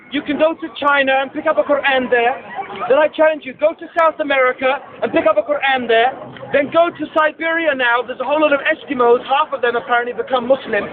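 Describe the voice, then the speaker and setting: A man preaching in a park to a crowd, mocking and challenging, with a rhetorical "huh?" after his points. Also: extremely high pitch. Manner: rhetorical, repeatedly asks "huh?". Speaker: street preacher. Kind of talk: open-air debate speech. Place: outdoor park among a crowd. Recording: tinny lo-fi outdoor recording with crowd.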